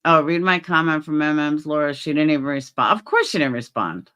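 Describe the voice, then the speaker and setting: A livestream host, a woman, reads viewer comments out loud and replies bluntly, with swearing. Her tone is clean and her intonation lively, jumping fast from quiet mutters to loud outbursts.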